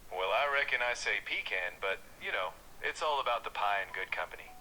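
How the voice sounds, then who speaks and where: Bright ai guy voice, calm reassuring assistant. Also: fairly low pitch, brisk, slight background noise, low-quality recording.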